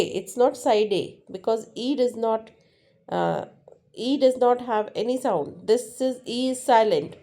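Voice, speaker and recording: Indian english teacher lady, slow and careful, repeats words a lot. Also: fairly high pitch, expressive, mellow. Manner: explanatory, repeats words slowly, switches into Hindi. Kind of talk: classroom lesson.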